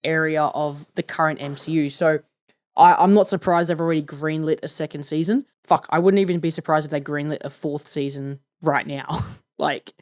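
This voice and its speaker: A man's voice: fairly high pitch, steady tone, moderate pace, darkish tone. Eager male podcast co-host. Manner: enthusiastic, stumbling repeats of words. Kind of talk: casual chat.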